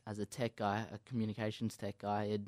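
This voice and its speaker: A man's voice: lowish voice, completely flat delivery, fast, darkish tone, no echo, studio quality. A young Australian man interviewed as a guest, polite and agreeable, answering with many yeps. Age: young adult. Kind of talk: casual interview.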